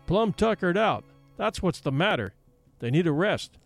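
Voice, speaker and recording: A man's voice: high-pitched, sing-song, moderate pace, soft background music, exaggerated voice. A man voicing plainspoken frontier onlookers with a drawling, folksy way of talking. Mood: blunt.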